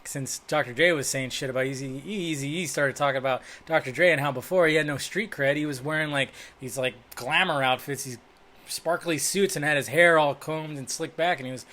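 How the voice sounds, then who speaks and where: A man's voice: a little high, fairly quick, bright, forceful tone. A man vlogging about film news in a loose, rambling style, swearing freely, talking into a desk microphone in a dim room. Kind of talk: casual rambling commentary. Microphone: desk microphone, webcam.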